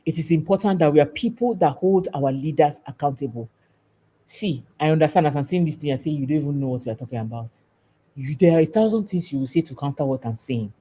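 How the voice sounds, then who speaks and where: A woman's voice: deep voice, animated, fast talker, warm tone, husky. A woman, hosting a show and giving an emphatic, preachy talk that repeats phrases for stress. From Nigeria. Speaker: podcast host. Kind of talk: passionate civic talk to camera.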